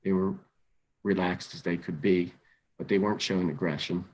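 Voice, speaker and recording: A middle-aged man presenting an instructional webinar, calm and measured, often repeating words as he thinks aloud. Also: low voice, slightly rough. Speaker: webinar presenter on crisis intervention.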